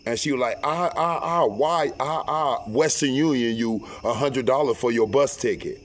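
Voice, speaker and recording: A man telling a personal story in casual, profane speech, acting out quotes loudly and often repeating and restarting his words. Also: medium pitch, normal speed.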